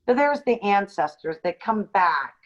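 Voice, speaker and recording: A woman co-hosting a podcast, telling a personal story in an unscripted, halting way with frequent ums and restarts. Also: mid-range voice, very animated. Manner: hesitant, many ums and restarts. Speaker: podcast co-host. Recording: dull lo-fi audio.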